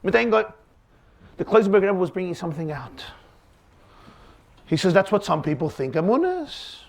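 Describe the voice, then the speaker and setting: Speaking a little fast with big swings in pitch, this high-voiced man lectures on faith as a rabbi. He tells stories and acts them out, firing off rhetorical questions in an emphatic, dramatic style.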